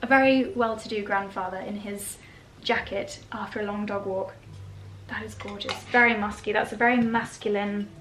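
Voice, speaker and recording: A woman's voice: medium pitch, fairly even intonation, normal speed, noisy background. A woman hosting her own vlog, chatting casually and gushing as she unboxes gifts. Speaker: vlog host.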